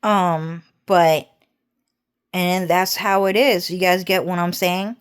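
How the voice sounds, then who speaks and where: A young woman vlogger telling a meandering story in casual speech, repeating herself, swearing often and laughing as she talks. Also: fairly low pitch.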